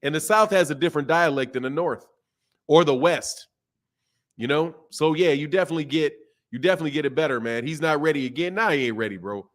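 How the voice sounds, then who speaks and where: A man's voice: on the high side, quick pace. A man hosting a boxing livestream, talking loosely and casually in slang with frequent restarts while reading out viewer chats. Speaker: boxing channel host.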